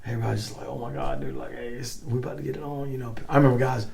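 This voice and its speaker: A middle-aged man spins his old army stories for an interviewer in an animated, casual way, swearing freely and acting out other people's lines. He talks fast, with a gravelly edge to his voice. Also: medium pitch, crowd noise. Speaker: guest, former Green Beret.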